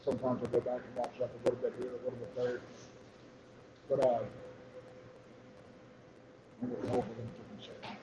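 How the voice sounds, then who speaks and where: A man's voice: mid-range voice, completely flat delivery, brisk, long pauses, reverberant. A middle-aged man hosting a livestream, rambling and swearing through stories over a meal at a restaurant. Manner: profane, rambling storytelling. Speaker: livestream host. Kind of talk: casual chat. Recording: noisy background.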